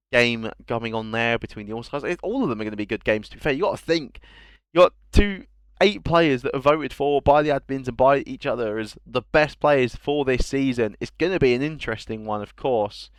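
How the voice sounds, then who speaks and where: A man's voice: mid-range voice, smooth, no room sound. A man hosting a casual livestream awards show for a gaming league, chatting in banter and reading out lists of player names. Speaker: esports league host.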